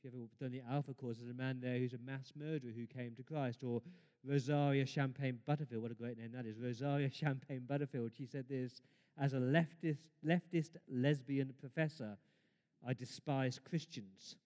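A man preaching a sermon in a church, emphatic, rising to loud exclamations and dropping to quiet asides. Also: mid-range voice, little pitch movement, quick pace. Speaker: pastor. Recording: long reverb of a church hall.

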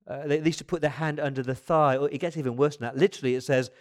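A man in his fifties with a slightly higher voice for a man delivers a sermon as a pastor. He preaches conversationally, with quick asides and the odd restart. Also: fairly even intonation. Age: 50s.

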